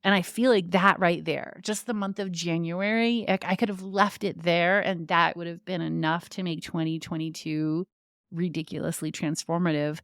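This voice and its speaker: A woman's voice: lowish voice, fairly even intonation, normal speed, fairly bright tone, no room sound, studio quality. A young adult woman hosting a podcast, telling a personal story in a chatty way with frequent fillers and laughs. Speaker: podcast host. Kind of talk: casual storytelling monologue.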